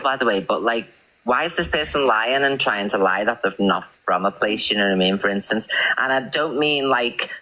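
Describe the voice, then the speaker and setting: Man, bright tense voice, rambling, casual commentary. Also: medium pitch, low-quality recording. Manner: rambling, lots of fillers.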